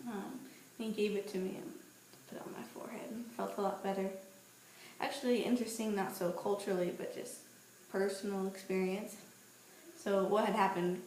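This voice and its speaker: A woman in her twenties telling stories in a casual, playful vlog, walking outdoors and holding her camera. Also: mid-range voice. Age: 20s. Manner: chatty, animated, playful storytelling. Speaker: vlogger. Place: outdoors on a street at night. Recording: roomy echo with faint ambient noise.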